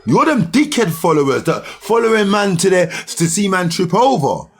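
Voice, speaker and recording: A young man rants heatedly at his livestream commenters. His husky voice sits high and swings widely in pitch as he argues. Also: sing-song, moderate pace. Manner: heated, argumentative, slangy. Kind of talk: ranting livestream monologue.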